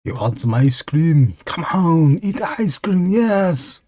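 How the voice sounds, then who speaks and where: A gruff action-movie commando, put on by a man in a casual stream, barks short mock threats. The voice comes out louder and pitched up from his normal talk, with lines drawn out and slow. It stays playful under the menace. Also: dry recording, studio quality. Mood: mock menacing.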